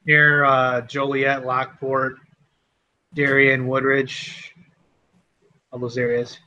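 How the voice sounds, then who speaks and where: A man's voice: medium pitch, flat delivery, takes it slowly, sharp tone, lo-fi sound. A man from the Chicago area with a local accent, co-hosting a casual livestream and chatting with viewers by name. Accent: Chicago-area Midwestern. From Chicago area, Illinois. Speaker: co-host of a livestream.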